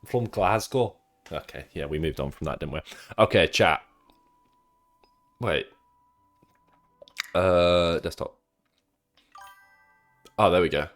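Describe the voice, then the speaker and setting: A young man with a low, deep voice talks casually to his livestream chat from his home setup. He rambles between tasks, swears freely and teases the viewers in an offhand way. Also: takes it slowly, pauses often, soft background music.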